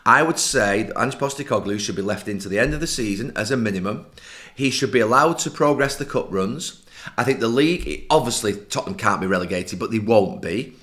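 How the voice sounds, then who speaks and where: A middle-aged man with a fairly low voice, talking football on a podcast. He lays out tactics at length in a firm, emphatic way, sure of his opinions. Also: lively intonation, fairly quick, fairly bright tone. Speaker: podcast co-host, football pundit. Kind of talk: casual football discussion.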